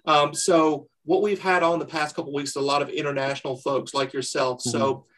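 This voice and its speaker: A man hosts a fan podcast and interviews his guest in an easygoing, talkative manner. His voice is a touch high, and he fills his questions with uhs and you-knows. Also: fairly even intonation, moderate pace, fairly bright tone. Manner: friendly, chatty, lots of fillers. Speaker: podcast host.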